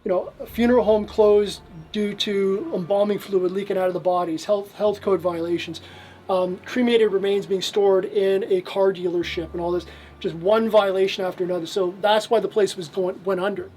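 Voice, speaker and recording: On a poor recording with a little hiss or hum, a Canadian man leads guests around his collection as its museum owner, casually telling stories. His high-pitched, darkish voice moves at normal speed with fairly even intonation, and he rambles with many fillers and restarts.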